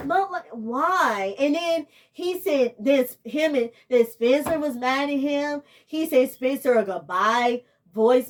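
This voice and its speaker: Young woman, emotional rambling vlogger, slightly high voice. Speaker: TV show reviewer. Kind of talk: casual vlog review.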